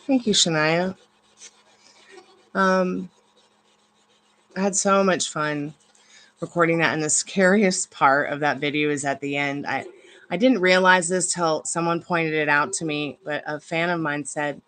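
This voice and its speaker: Bright-voiced chatty woman streaming from home. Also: deep voice, fairly even intonation, unhurried. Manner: chatty, rambling, breaks into baby talk with her dogs. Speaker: tarot reader and live streamer. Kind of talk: casual live stream chat. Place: at home with her dogs.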